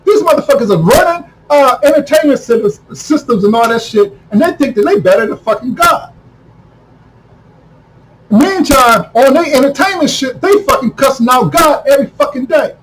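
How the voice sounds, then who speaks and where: A man delivering a heated, profane monologue to camera, repeating himself and breaking into shouts. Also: extremely high pitch, expressive, moderate pace, a little hiss or hum, rough recording. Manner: heated, repetitive, swears constantly, bursts into shouting. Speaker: video commentator.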